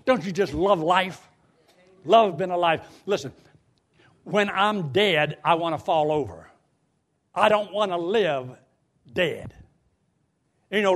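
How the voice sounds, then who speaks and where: Older preacher man, fiery sermon, goes loud then real quiet. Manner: fiery, swings from loud outbursts to low quiet pleading.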